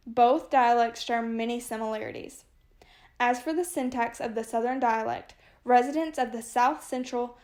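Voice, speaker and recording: Young woman reading a class presentation. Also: a little high. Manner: reads a prepared script in even, list-like phrases. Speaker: student presenter. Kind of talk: read-aloud class presentation.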